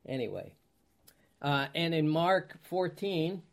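A man teaching from the Bible as a pastor, reading scripture aloud and often pausing to find his place. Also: a little high, lively intonation. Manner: slow, searching, clears throat, loses place; reads scripture aloud in King James wording.

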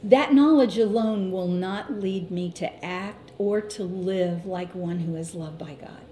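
Slow, mellow woman teaching a sermon. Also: fairly low pitch, slight background noise. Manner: slow, deliberate teaching with scripture quotes. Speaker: Bible teacher. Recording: echoey room with faint ambience.

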